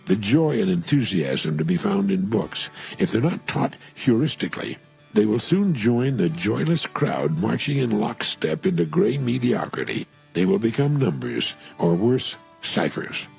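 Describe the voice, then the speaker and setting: Older male motivational speaker, low husky gravelly voice, earnest radio talk, lively inflection. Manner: measured, earnest, stresses key words. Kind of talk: scripted inspirational radio talk.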